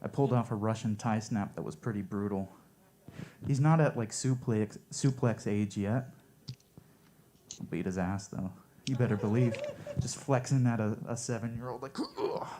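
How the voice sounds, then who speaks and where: A man performing stand-up one-liners at a coffee shop open mic, with a deadpan, offhand delivery. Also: fairly low pitch, normal speed.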